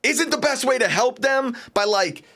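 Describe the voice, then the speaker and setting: A preachy scientist who keeps nagging the team leader, as a man puts him on. His voice rides higher than the performer's own. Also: expressive, normal speed, sharp tone, exaggerated voice. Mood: argumentative. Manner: argumentative, nagging. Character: know-it-all male scientist.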